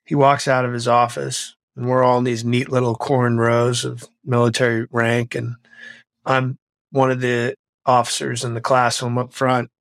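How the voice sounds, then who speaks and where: Middle-aged male guest: energetic motivational storyteller with a gravelly voice, dry recording. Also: medium pitch, moderate pace, dry recording. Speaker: guest, author and former Navy SEAL. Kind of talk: podcast interview storytelling.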